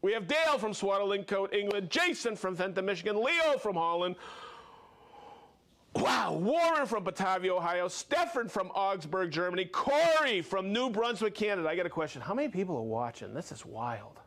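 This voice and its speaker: Cheery guy hosting a live show, reads out names fast and friendly, high lively voice. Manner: upbeat, reads off viewer names with quick asides. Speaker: livestream host. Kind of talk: live stream greetings.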